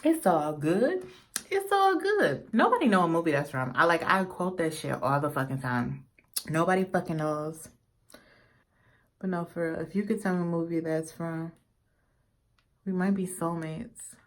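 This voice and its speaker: A tipsy young woman with a low voice talks loosely through her makeup routine. She rambles, swears freely and throws playful insults between steps. Her voice sits deep for a woman. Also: fairly even intonation, normal speed, pauses often, a bit bright. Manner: profane, rambling, playful trash talk. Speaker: beauty vlogger. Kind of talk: casual makeup tutorial chat.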